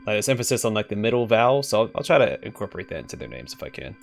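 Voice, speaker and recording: A man's voice: fairly low pitch, sing-song, very fast, gravelly, soft background music. A man hosting a let's play, reading the game's dialogue aloud and stumbling over the fantasy names.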